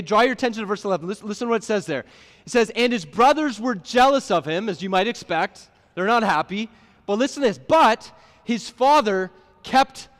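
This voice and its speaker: A man preaching a sermon in a conversational way, often asking the listeners questions and restarting his words. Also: sits high. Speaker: pastor. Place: church sanctuary. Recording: long hall reverb.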